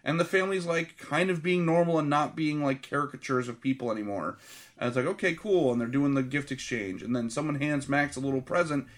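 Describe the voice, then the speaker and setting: A man's voice: on the high side, a little fast. A man co-hosting a casual movie podcast, recapping the plot in a blunt, profane storytelling way.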